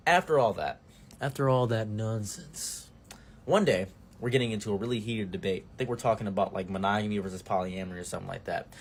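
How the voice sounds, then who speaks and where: Husky young man telling a wild story. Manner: animated storytelling, jumps between loud bursts and low mumbles. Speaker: streamer. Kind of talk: storytime commentary.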